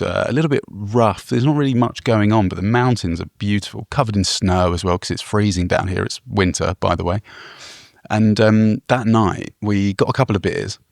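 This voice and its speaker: On a travel podcast, a male co-host with a low, gravelly voice rambles through a self-deprecating story punctuated by small chuckles. The recording is dry and studio quality.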